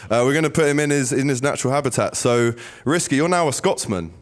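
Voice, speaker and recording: A man's voice: medium pitch, animated, quick pace. A man hosting a live studio lifestyle show, setting up improv scenes for his guests. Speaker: host. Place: London studio.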